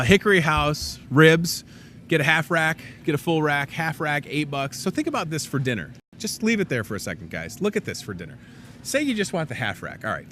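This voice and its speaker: A man's voice: fairly high pitch, fairly bright tone, a little hiss or hum. A man hosting a casual store talk show, running through weekly deals with goofy, self-mocking chatter. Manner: goofy and chatty, jokes at himself.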